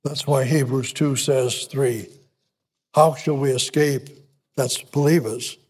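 A man preaching a sermon in an emphatic, repetitive way, with frequent restarts and halting pauses. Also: medium pitch, fairly even intonation, darkish tone, breathy edge.

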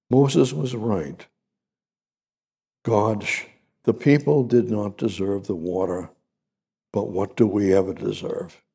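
Slow gravelly male preacher. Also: mellow. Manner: repetitive, emphatic preaching with sudden pitch rises. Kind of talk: sermon.

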